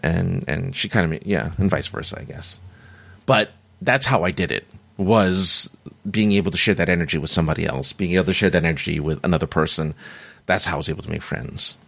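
Deep-voiced man rambling through a story. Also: creaky, a bit bright, no echo. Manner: rambling, self-interrupting, laughs at himself. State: has the hiccups. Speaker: vlogger sharing personal stories. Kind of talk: casual monologue.

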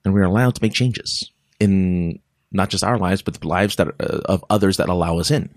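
A man's voice: deep voice, moderate pace, no echo, studio quality. A man telling a rambling personal story in a casual monologue to his listeners, often cutting himself off mid-sentence. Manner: rambling, self-interrupting, animated storytelling.

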